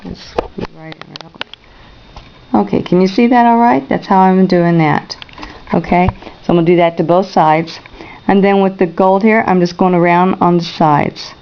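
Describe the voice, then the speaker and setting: A woman's voice: fairly low pitch, vocal fry, dull audio, a little hiss or hum. A woman teaching a painting class, talking viewers through each brush stroke and checking in with them. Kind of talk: step-by-step painting demonstration.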